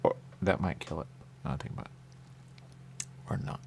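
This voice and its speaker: Slight background noise accompanies a man who hosts a radio show, speaking a little fast. He samples pastries and rambles playfully in casual conversation, leaping between thoughts.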